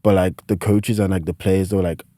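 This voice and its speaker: Low-voiced young British man, rambling. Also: fairly even intonation, fairly quick, dark tone, no echo. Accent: British, partly Americanized. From United Kingdom. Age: late teens. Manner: rambling, heavy use of "like" fillers. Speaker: podcast guest, student athlete. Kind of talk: casual interview storytelling.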